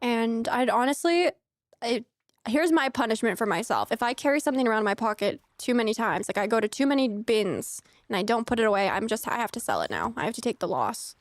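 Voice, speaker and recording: Young woman, game streamer, chatty and giggly, a bit high, dry close sound. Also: animated, brisk, no echo. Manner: chatty, rambling asides, laughs often. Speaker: streamer playing a farming game. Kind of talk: casual let's-play chat.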